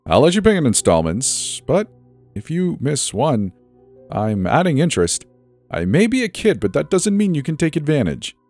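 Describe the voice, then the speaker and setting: A man's voice: on the high side, wildly swooping pitch, moderate pace, darkish tone, faint music behind, voice pushed up, full character voice. A man voicing a creepy, grinning teenage boy who sells superpowers, in a mocking sing-song murmur.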